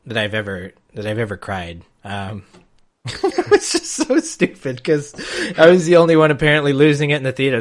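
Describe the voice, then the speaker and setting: A man chatting on a podcast, his voice leaping up and down as he gets into a story. He is animated and self-deprecating, speaking at a middle pitch with lots of movement. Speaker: podcast co-host. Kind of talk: casual podcast discussion.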